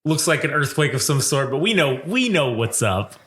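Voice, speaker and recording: A man's voice: mid-range voice, sing-song, moderate pace, fairly bright tone. A man co-hosting a comic book review podcast, chatting casually with amused, profane commentary. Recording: roomy echo.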